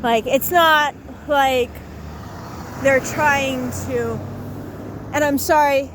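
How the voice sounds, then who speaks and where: A woman's voice: high-pitched, steady tone, drawn-out words, noisy background. A young woman vlogger telling a rambling casual story, saying "like" a lot and swearing casually.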